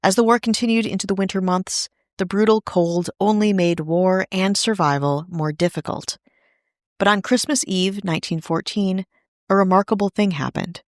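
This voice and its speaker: A woman's voice: medium pitch, steady tone, normal speed, dry recording. Woman host, scripted history narration, wry asides, dry close mic. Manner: wry asides in a serious telling. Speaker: podcast host.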